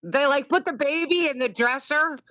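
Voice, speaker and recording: A woman's voice: high voice, normal speed, bright, forceful tone, no echo. A woman on a podcast, chatting in a blunt, profane and emphatic way. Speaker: podcast guest. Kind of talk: casual comedic chat.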